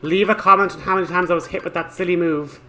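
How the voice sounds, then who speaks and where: Bright-voiced excitable gaming commentator man. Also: sits high, fast talker, faint music behind, low-quality recording. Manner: excitable, relives frustrations with rising outbursts; chatty with frequent fillers and restarts. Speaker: gaming channel host. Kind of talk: game walkthrough commentary.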